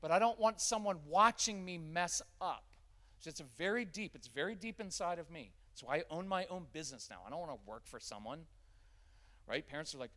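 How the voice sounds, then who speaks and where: A man's voice: a little high, expressive, a little fast, bright, forceful tone. A man in his fifties giving a live parenting workshop, joking and acting out parent-child dialogues. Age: 50s.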